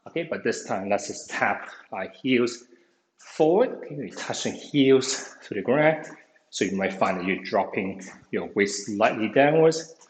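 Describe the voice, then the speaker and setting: A man's voice: lowish voice, expressive, measured pace. A man instructing an online exercise class, slightly out of breath, encouraging and saying "okay" again and again. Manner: encouraging, says "okay" constantly. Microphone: video call. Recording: echoey room, faint noise.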